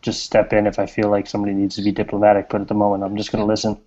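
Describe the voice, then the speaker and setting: Man calmly stating his moves. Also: lowish voice. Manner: deliberate, states his actions. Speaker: player. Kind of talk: casual tabletop play. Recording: lo-fi, dull recording.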